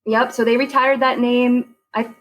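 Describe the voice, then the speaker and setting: This Long Island, New York real estate agent in her forties laughs often while chatting casually as a guest in a podcast interview. Her voice is fairly high and level, at normal speed, on a low-quality recording.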